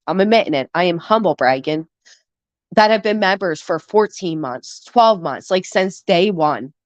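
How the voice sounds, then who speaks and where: A woman in her thirties talks to her live-stream chat, blunt and profane but quick to get sentimental, getting over the flu. Her voice is close and dry, with no room sound. The audio is slightly dull. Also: medium pitch, dry recording. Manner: candid, emotional and profane, shifts quickly between sappy and indignant. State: recovering from the flu. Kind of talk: casual live-stream chat, reading and answering chat.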